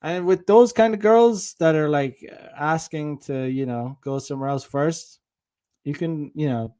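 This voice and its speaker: A man's voice: on the high side, measured pace, warm tone, smooth. A young man giving dating advice in a casual, rambling monologue, with many restarts, acting out bits of dialogue.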